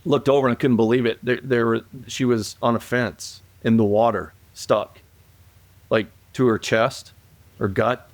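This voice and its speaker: A man's voice: mid-range voice, fairly even intonation, measured pace, no room sound. A man who is a police aviation guest, telling stories in a rambling way with restarts and acted-out quotes. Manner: rambling, repeats and restarts, acts out quoted calls. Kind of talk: casual storytelling interview.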